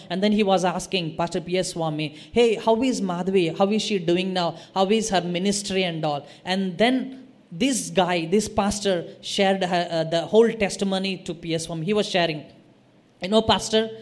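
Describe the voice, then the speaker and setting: A man retelling a testimony story, hesitant and full of fillers. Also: sits high. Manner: hesitant, full of "uh" and "you know".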